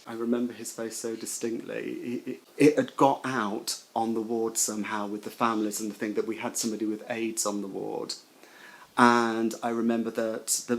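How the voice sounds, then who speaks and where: Brief: middle-aged male ex-nurse, medium pitch, halting and emotional testimony. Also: poor audio. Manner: emotional, halting reminiscing with repeated words. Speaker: former nurse. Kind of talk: personal testimony.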